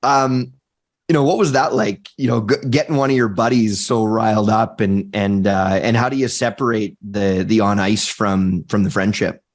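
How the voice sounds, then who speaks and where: A man's voice: on the low side, steady tone, moderate pace. A man co-hosting a podcast who asks long, rambling, eager questions full of fillers. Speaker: podcast co-host. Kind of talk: casual interview chat.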